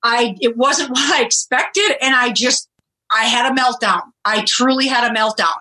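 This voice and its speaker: Bright, animated woman telling stories. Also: a little high, normal speed, low-quality recording. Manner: animated storyteller, laughs often. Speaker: guest, former reality show contestant. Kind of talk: casual podcast interview.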